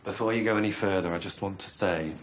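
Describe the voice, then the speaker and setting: An actor playing a prim, excitable male salon partner who is quick to exclaim. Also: low voice, very noisy, lightly acted. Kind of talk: sitcom acting.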